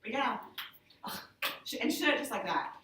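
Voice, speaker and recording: A woman who works as a sign language interpreter, telling stories to a group in a chatty, animated way with lots of "like". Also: fairly high pitch, moderate pace, background noise. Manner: animated, chatty, heavy use of "like". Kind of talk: casual storytelling to a group. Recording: echoey room, voice from far off.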